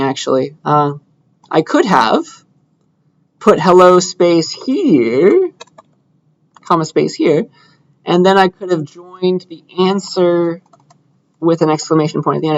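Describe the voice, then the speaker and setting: Clicking through code in front of students, a young man chats casually and thinks out loud during a computer science coding demo in a lecture hall. He has a high, sing-song voice at a measured pace, and the recording's highs are cut off.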